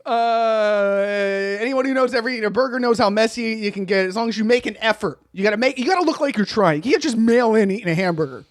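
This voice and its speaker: A man's voice: high-pitched, fast talker, few pauses, no echo, clean studio sound. A young man co-hosting a casual comedy podcast, reading instructions aloud in a mock-serious way and laughing often. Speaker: podcast co-host.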